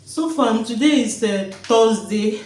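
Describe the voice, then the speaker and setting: A woman's voice: fairly high pitch, lively intonation, slow, darkish tone, roomy sound, poor audio. A woman talking emotionally in a vlog at home, joyful and repeating her words. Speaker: vlogger. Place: home, indoors.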